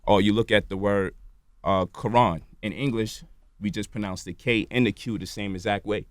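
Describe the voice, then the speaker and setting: A man's voice: on the low side, fairly even intonation, normal speed, no echo, studio quality. A man, a radio show guest, explaining at length in a lecturing way and checking in with "right?" and "you feel me?". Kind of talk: lecturing interview talk. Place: radio studio.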